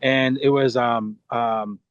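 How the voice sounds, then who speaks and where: Actor guest, man, relaxed rambling interview talk, dry close recording. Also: medium pitch, slow, no echo, lo-fi sound. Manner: relaxed, rambling, many restarts. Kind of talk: casual interview chat.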